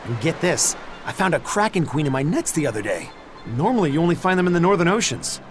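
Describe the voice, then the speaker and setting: A man's voice: a little high, sing-song, fast talker, over music. A man voicing a fisherman villager in a video game, talking matter-of-factly with an odd glee. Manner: matter-of-fact, oddly gleeful. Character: gruff, odd male fisherman.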